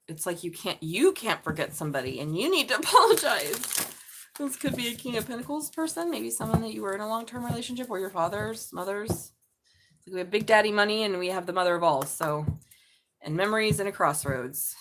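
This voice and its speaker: A woman reads tarot cards on a live stream from her bed. Her voice sits fairly low but leaps upward whenever she gets excited. She thinks out loud, with many sudden exclamations. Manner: animated, exclaiming, thinking aloud. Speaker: tarot reader. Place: bedroom.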